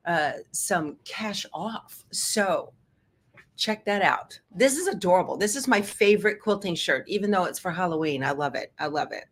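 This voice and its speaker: A woman's voice: fairly low pitch, a bit bright. Chatty upbeat woman hosting a sewing stream. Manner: chatty, upbeat, laughs often. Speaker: host of a sewing livestream. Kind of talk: casual live-stream chat. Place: home sewing room.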